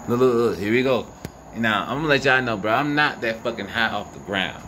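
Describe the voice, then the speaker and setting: A man's voice: mid-range voice, a little fast. Man calling out a night sky, crickets chirping. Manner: animated, profane, incredulous, talks to viewers. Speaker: vlogger filming the night sky. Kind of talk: excited live commentary. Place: outdoors at night. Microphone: phone camera. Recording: noisy outdoor phone recording. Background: crickets and insects, passing vehicles.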